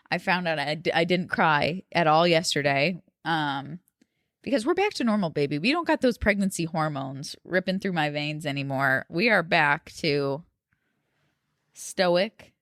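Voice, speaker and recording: Low-voiced woman chatting casually. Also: expressive, moderate pace, a bit bright, no echo, clean studio sound. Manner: rambling, joking, many fillers. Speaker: podcast co-host. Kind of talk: casual chat.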